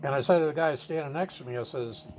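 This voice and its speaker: A man's voice: medium pitch, quick pace, darkish tone, slight background noise. A man candidly telling a personal story in an interview, blunt and plain-spoken, stumbling over and repeating words as he goes. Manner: stammers and repeats words while recounting.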